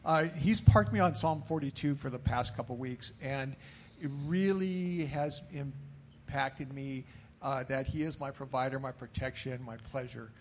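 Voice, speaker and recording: A man in a church congregation, giving a short, halting testimony. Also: medium pitch, slight background noise. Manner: hesitant, halting. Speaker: congregation member sharing testimony. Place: church sanctuary.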